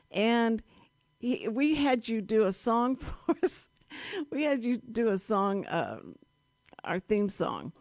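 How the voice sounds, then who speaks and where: A woman hosting a live community radio talk show, bubbly and gushing with quick asides. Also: medium pitch, a little mellow, no echo, clean studio sound.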